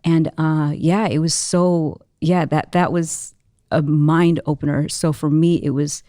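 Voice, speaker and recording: A woman guest in an interview, telling a personal story in an animated, expressive way, full of casual "like"s. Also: low voice, unhurried, dry recording, studio quality. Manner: animated, expressive, many filler "like"s.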